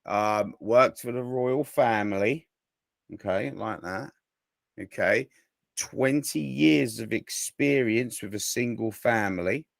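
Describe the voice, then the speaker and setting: Man cohosting a podcast, gravelly, joking around. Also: fairly low pitch, takes it slowly, no echo, studio quality. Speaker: podcast co-host. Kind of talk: casual chat.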